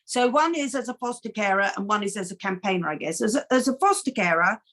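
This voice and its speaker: A middle-aged woman, a foster carer and campaigner, answering interview questions in an earnest, animated way, with many restarts. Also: mid-range voice, quick pace.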